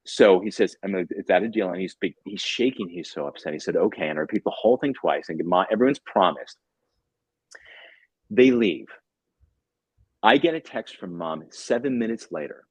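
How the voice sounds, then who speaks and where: Animated, husky-voiced man telling stories. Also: low voice, moderate pace, no echo, rough recording. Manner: animated storyteller, acts out dialogue, repeats words. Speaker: guest, tutor and author. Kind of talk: casual podcast storytelling.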